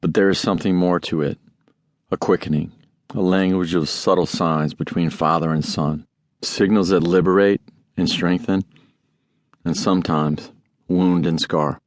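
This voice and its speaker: A man reading a memoir aloud as an audiobook narrator, in a measured, deliberate way. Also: low-pitched, steady tone, no echo, studio quality.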